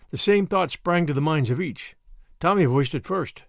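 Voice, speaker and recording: A man reading a novel aloud as a narrator, expressive and animated, on a close mic. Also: a little high, moderate pace, vocal fry, no echo. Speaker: audiobook narrator. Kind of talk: scripted narration.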